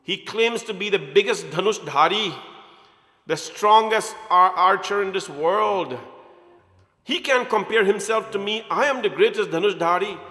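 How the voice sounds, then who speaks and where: A man voicing a proud, boastful young archer who is quick to take offense, in a sermon story. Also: sits high, bright, forceful tone. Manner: boastful, stammering when afraid. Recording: echoey hall.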